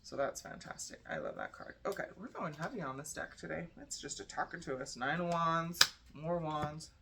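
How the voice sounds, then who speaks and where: A woman's voice: low-pitched, big pitch swings, normal speed, creaky, very noisy. A tired young woman giving a casual tarot reading, chatty and blunt, swearing freely. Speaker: tarot reader.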